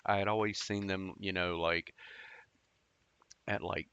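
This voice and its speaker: A man's voice: sits low, steady tone, a little slow, sharp tone, clear, resonant tone, no echo, highs cut off. A man casually telling a personal story, rambling and profane, with lots of fillers and restarts.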